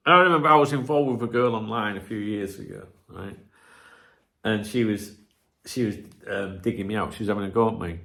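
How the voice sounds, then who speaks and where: A middle-aged man with a gravelly, creaky voice talks straight to his viewers, swearing freely. His pitch leaps around as he gets worked up. He comes across as cheeky and blunt rather than hostile. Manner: swears a lot, animated and cheeky. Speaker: football channel host. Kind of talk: casual ranting chat to viewers.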